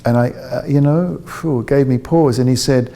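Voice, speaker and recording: A man's voice: medium pitch, moderate pace, gravelly, warm tone. A man giving a public talk to parents as a parenting consultant, chatty and joking, often checking in with his audience.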